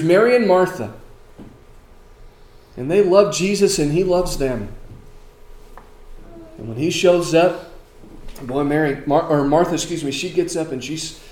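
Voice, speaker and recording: A man preaching a sermon, moving between emphatic lines and quiet ones and asking rhetorical questions. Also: on the high side. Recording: echoey room with faint ambience.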